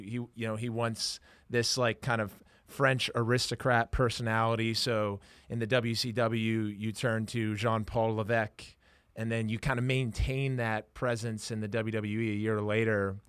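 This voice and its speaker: A man's voice: medium pitch, little pitch movement, normal speed, fairly bright tone, smooth, no room sound, studio quality. A man hosting a podcast, asking long, rambling questions that stall on repeated words. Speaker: podcast host. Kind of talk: casual interview questions.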